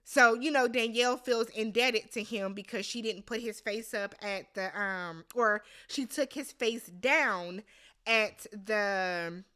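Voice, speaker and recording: A woman giving a casual, slangy recap of a reality show, quoting the players in lively voices. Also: mid-range voice, takes it slowly. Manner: animated, slangy, quotes people in put-on voices. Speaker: recap vlogger.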